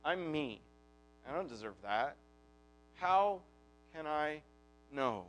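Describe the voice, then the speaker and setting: A preacher voicing an old male priest full of doubt, speaking low, quiet and deflated. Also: animated, slow, rough recording. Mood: despairing.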